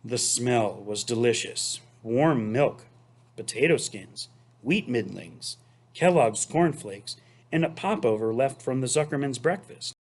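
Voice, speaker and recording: A man reading a storybook aloud to his students, taking his time over each sentence. His mid-range voice rises and falls expressively, and he keeps the pace slow and easy to follow. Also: medium pitch, expressive.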